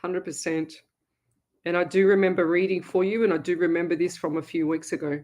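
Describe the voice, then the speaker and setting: A woman's voice: fairly low pitch, steady tone, brisk, darkish tone. Chatty woman psychic host. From Australia. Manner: chatty, rambling, reads comments aloud; eats while talking. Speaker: psychic medium radio host. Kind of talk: live-streamed casual reading.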